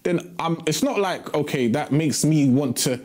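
A man argues his side of a couple's dispute. His voice is mellow and warm, a little higher than most, and he keeps tripping over his words and starting again. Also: lively intonation, moderate pace. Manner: hesitant, stumbling restarts, talking over her. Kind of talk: casual debate.

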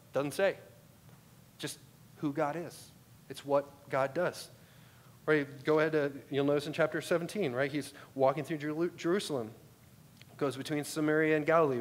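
A man with an American accent preaching a sermon to a congregation, telling stories and asking repeated rhetorical questions. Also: a little high. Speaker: pastor.

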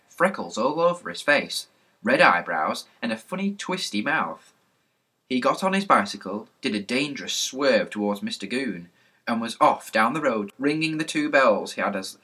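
Bright, husky man reading a storybook. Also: mid-range voice. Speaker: narrator reading a children's book.

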